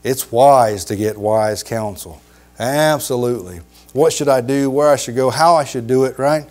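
A middle-aged man preaching a sermon in a folksy, emphatic way, repeating phrases and dropping low for emphasis. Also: normal speed, darkish tone.

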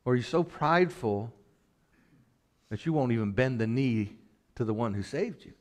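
A man preaching a church sermon with rising passion, asking the congregation direct questions and then dropping to a soft, slow voice. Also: mid-range voice, lively intonation. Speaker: pastor.

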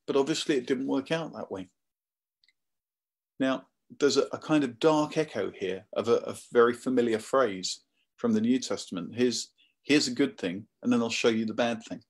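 Husky male preacher telling a story. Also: mid-range voice, moderate pace. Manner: conversational storytelling, animated. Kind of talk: sermon.

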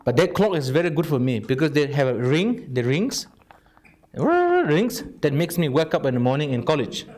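A man with non-native English giving an informal Buddhist teaching, lively and direct, checking in often with the audience. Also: fairly high pitch, fairly quick, hardly any pauses. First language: Tibetan. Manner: animated, asks "right?" constantly, non-native phrasing. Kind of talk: informal dharma talk.

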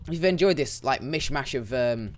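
A young man giving casual, excitable gameplay commentary that swings into loud, frustrated yelps. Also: medium pitch, moderate pace. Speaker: gaming YouTuber.

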